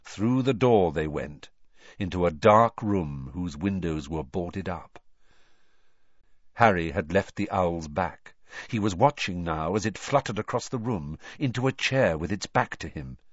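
Low expressive man narrating a storybook. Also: measured pace, no room sound. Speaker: audiobook narrator. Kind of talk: scripted narration. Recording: dull dry lo-fi recording.

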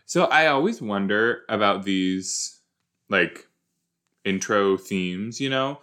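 A man's voice: lowish voice, expressive, takes it slowly, bright, forceful tone. A young man hosting a casual watch-along show, rambling and joking as he reacts to a TV episode. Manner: rambling, playful, jumps into silly put-on voices. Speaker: podcast host reacting to a TV episode.

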